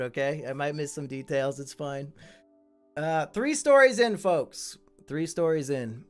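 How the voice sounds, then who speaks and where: A man's voice: fairly high pitch, clear, resonant tone. A man hosting a live stream, reading out viewer stories and commenting to the chat in a blunt, crude, freely swearing way. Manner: chatty asides to the chat.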